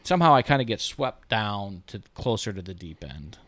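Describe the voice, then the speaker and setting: A man's voice: lowish voice, moderate pace. A man in his thirties hosting a podcast, telling a story in casual chat, cursing often and laughing as he goes. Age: 30s. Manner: profane, laughing, animated storytelling. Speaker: podcast host.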